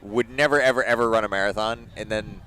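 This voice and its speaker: A man's voice: fairly low pitch, fairly even intonation, quick pace, pushed and bright, smooth. A young man giving casual commentary at an outdoor track meet, chatty and full of filler words. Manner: chatty, filler-heavy with frequent laughs.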